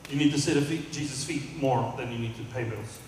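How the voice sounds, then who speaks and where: A pastor with a mid-range voice speaks a little fast, preaching to his congregation in a church sanctuary and getting them to call back. The mic sits at a distance in an echoey hall, picking up slight hiss or hum.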